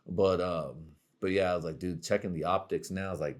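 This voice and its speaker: A man's voice: low voice, fairly even intonation, a little fast, hardly any pauses. A young adult man hosting his own show, rambling through a crude, profane comedic monologue full of slang and frequent laughter. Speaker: podcast host.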